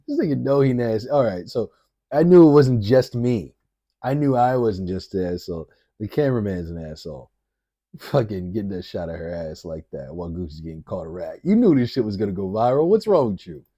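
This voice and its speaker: A man's voice: lowish voice, lively intonation, a little fast, dark tone. A man reacting to a video in casual, rambling commentary, swearing freely and often laughing as he talks.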